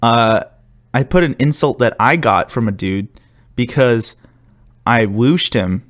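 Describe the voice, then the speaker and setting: Slow and medium-pitched, a young podcast co-host talks casually, wandering off track, tripping over words, starting again and laughing about it.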